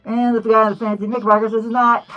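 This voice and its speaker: A woman hosting a cartoon commentary, talking in an animated, indignant way full of rhetorical questions. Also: on the high side, fast, dull audio, faint music behind. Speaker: host.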